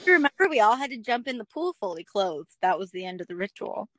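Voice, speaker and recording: A young adult woman chatting casually as a podcast guest, telling stories with animated energy. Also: medium pitch, fast, no echo. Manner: animated storyteller, acts out quotes. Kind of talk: casual chat.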